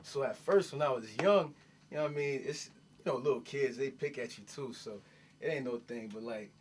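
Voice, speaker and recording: A man's voice: mid-range voice, a little fast, slight background noise. A man in his twenties, a rapper from New York raised in Miami, chatting loosely in an interview, full of "like" and "you know what I mean". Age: 20s. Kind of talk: casual interview chat.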